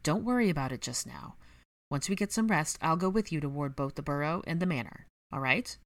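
A woman reading the part of a calm, protective young father in a storybook reading. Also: deep voice, fairly quick. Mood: gentle.

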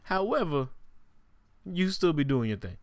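Brief: man, slightly higher voice, smooth and resonant, opinionated podcast co-host. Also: very animated, measured pace, no room sound. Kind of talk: casual chat about music.

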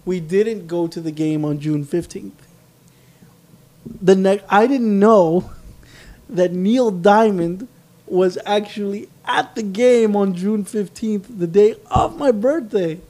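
Podcast co-host, male, high-pitched, animated storyteller who acts out quotes. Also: slow pace. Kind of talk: casual chat.

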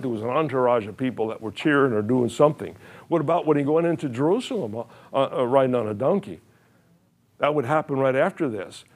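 His voice is mid-range with a darkish tone as he preaches. The man speaks in homey, plain terms, hammers his points with repeated phrases and questions to the audience, and keeps restarting with frequent "uh" fillers.

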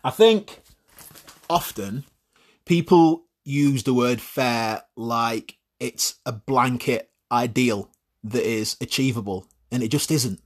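A man talks through his opinions alone in a husky, slightly breathy voice. He is blunt and swears freely. He often restarts and repeats words while he works through a point. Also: medium pitch, takes it slowly. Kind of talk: opinionated solo monologue.

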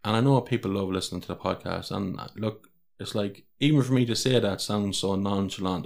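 Deep-voiced Irish man, rambling solo podcast. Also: fairly quick, gravelly, a little mellow. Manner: rambling, candid, swears freely. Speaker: podcast host.

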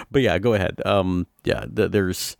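A man co-hosting a relaxed movie podcast, retelling scenes with many restarts and chuckles. His voice sits low. The recording is dry and close. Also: unhurried, creaky, no room sound. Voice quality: rambling, laughing, many fillers and restarts. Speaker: podcast co-host. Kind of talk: casual film-review chat.

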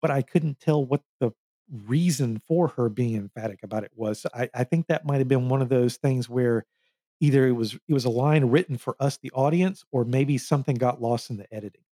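A man co-hosting a casual movie podcast, picking at plot details in a questioning, animated way. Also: mid-range voice, brisk, no room sound, clean studio sound. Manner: nitpicky, questioning, animated retelling. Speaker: podcast co-host. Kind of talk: casual movie review chat.

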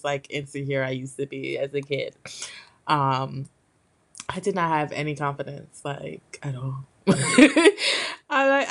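A young woman hosting a solo podcast, talking candidly in a rambling way with lots of fillers, her voice a bit hoarse from being sick. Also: low voice. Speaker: podcast host. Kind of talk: casual solo podcast talk.

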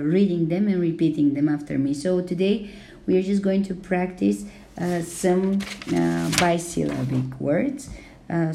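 A woman teaching in a podcast lesson, speaking slowly and carefully with many fillers, her voice still a little hoarse as it recovers. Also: fairly low pitch, dark tone. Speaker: language teacher.

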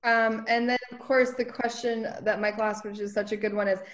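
A woman teacher leading a relaxed discussion with her students, posing questions and drawing them out. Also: a little high, fairly quick. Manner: inquisitive, prompts students with questions. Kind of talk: conversational group discussion with students.

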